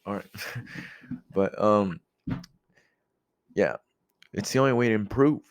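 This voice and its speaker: A man's voice: on the low side, unhurried, long pauses. Blunt, profane young man talking. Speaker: vlogger. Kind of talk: casual motivational monologue.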